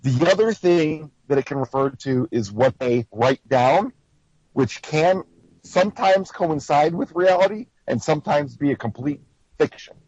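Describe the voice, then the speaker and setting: A man's voice: on the high side, lively intonation, a little slow, darkish tone, dry recording. An American man leading a casual group discussion, explaining things emphatically and acting out quotes in mock voices. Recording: dry, slightly dull lo-fi recording.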